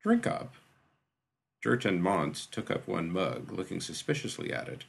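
A man narrating a fantasy story in an expressive storytelling manner. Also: deep voice, moderate pace, vocal fry, husky. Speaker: audiobook narrator. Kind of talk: scripted fiction narration.

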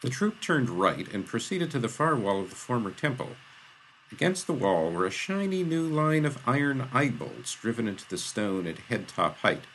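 A man narrating a fantasy story in a measured, dramatic reading. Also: mid-range voice, very animated, a bit bright, a little hiss or hum, rough recording. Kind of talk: audiobook narration.

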